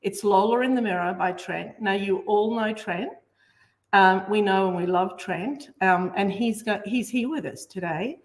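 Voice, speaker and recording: Upbeat female presenter with a mid-pitched voice, fronting a reading segment. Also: measured pace. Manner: enthusiastic, chatty. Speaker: host. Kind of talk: book show presenting.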